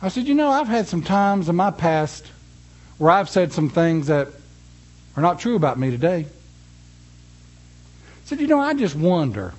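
Man, high-pitched voice, preacher, sermon, emphatic scripture reading, folksy storytelling. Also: sing-song, unhurried, long pauses, darkish tone.

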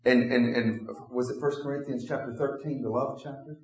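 A man's voice: mid-range voice, steady tone, normal speed, a little mellow, echoey room. A man preaching a sermon as pastor, acting out imagined conversations with his congregation. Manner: acts out imagined dialogues with congregation.

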